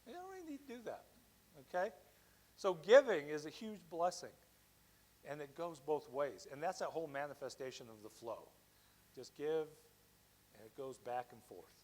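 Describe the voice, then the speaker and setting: A man giving a Sunday talk at a spiritual center, lively and conversational, often checking in with "okay?". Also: fairly high pitch, normal speed, long pauses, poor audio. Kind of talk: sermon.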